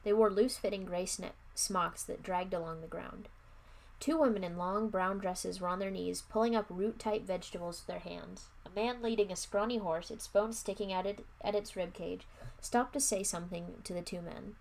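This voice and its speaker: Woman reading a kids horror book on stream, lots of vocal fry, chatty asides. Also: mid-range voice, normal speed, a little mellow. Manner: casual asides, plain narration with slips and restarts. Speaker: livestream book reader.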